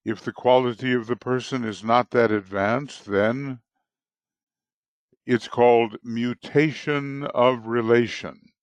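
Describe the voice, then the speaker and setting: A man giving an unscripted astrology lecture with a hoarse morning voice, explaining in a halting, deliberate way. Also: medium pitch, fairly even intonation, no echo, muffled recording. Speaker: astrology teacher.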